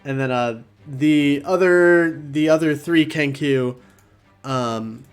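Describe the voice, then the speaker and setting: A man's voice: fairly high pitch, slow pace, smooth, soft background music. A laid-back man narrating a tabletop game as game master, laughing easily.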